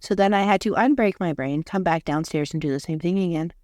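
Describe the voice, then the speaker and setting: Young woman, hoarse, monotone, casual podcast chat, lower voice. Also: brisk, dry recording, studio quality. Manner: flat, monotone delivery. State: hoarse from losing her voice. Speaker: podcast co-host.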